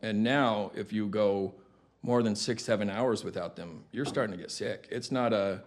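Man, low voice, blunt, profane, conversational storytelling. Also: moderate pace. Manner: blunt, profane, matter-of-fact. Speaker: guest.

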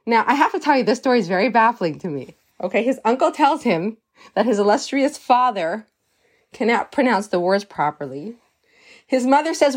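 A woman's voice: a little high, very animated, normal speed. Earnest woman teaching Torah. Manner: earnest, emphatic, sprinkles Hebrew terms. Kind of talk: storytelling lesson.

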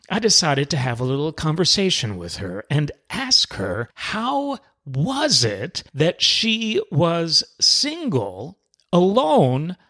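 A man hosting a podcast, telling a story from his time as a cruise director in an animated, expressive way. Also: sits high. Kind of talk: storytelling monologue.

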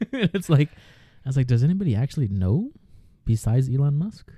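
Laid-back male co-host with a mellow voice and lively pitch, dry recording. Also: moderate pace, no echo. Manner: laid-back, laughs a lot, retells skits with quoted lines. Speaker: podcast co-host. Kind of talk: casual chat.

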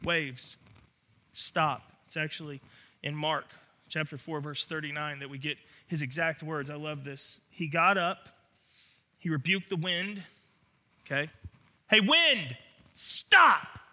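A man's voice: on the high side, fairly even intonation, moderate pace, bright, forceful tone. A man preaching a sermon, earnest and emphatic, often restarting his words. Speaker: pastor.

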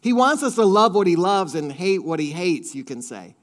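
Middle-aged male pastor, high-pitched, earnest conversational sermon delivery. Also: sing-song, moderate pace. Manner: earnest, conversational preaching with repeated phrases.

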